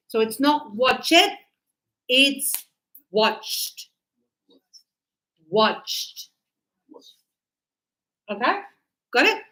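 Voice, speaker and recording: A woman teaching English pronunciation to a class, animated, acting out examples and checking often that everyone understands. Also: sits high, low-quality recording.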